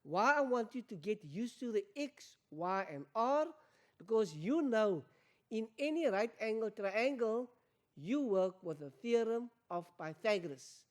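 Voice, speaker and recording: A woman's voice: a little high, lively intonation, measured pace. A woman teaching an exam revision maths lesson, repeating key points and quizzing learners with questions. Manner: addresses learners as guys.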